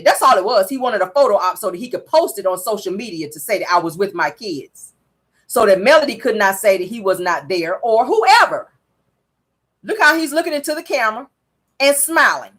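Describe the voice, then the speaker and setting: A woman's voice: a little high, expressive, brisk, a bit bright. A woman hosting a casual reality TV recap, telling the story to viewers and calling them y'all.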